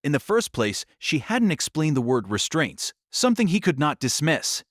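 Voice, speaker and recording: A man narrating an audiobook in an expressive, dramatic storytelling manner. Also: a little high, normal speed, no room sound, clean studio sound.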